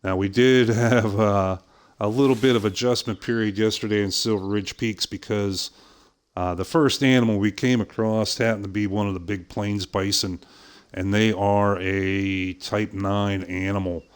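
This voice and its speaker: A middle-aged man from Pittsburgh with a softened Pittsburgh accent, casually chatting with viewers while streaming a hunting game, full of "uh" fillers and easy laughs. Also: on the low side, fairly even intonation, normal speed, clear, resonant tone. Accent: softened Pittsburgh American. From southwest Pennsylvania, USA. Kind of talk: casual live-stream commentary.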